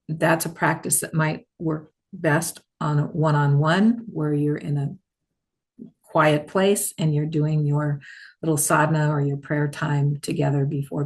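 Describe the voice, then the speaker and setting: An older woman, a spiritual teacher, gently answering questions in a satsang talk, rambling with many restarts. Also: sits low.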